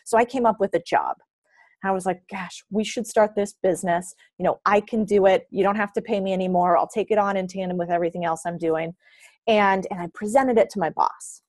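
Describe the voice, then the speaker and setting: A young woman telling an animated story in a podcast interview, acting out the people she quotes. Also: mid-range voice, a little fast, no echo. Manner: animated, acts out quoted dialogue. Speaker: guest.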